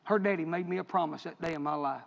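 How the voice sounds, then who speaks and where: A man preaching a sermon, telling stories with passion and swinging between loud and hushed delivery. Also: on the high side, fast talker, gravelly. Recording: echoey hall, dull lo-fi sound.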